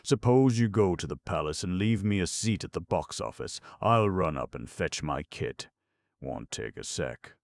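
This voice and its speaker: A man's voice: sits low, expressive, moderate pace, vocal fry, no room sound, studio quality. A man voicing a brash, cocky young man who talks in a breezy, slangy way.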